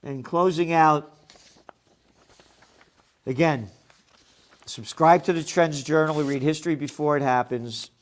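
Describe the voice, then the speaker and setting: A man's voice: fairly high pitch, slow, pauses often. Blunt, profane man ranting on the news. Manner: blunt, profane and sarcastic, with heated outbursts. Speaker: host of a trends commentary show. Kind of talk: opinionated news commentary.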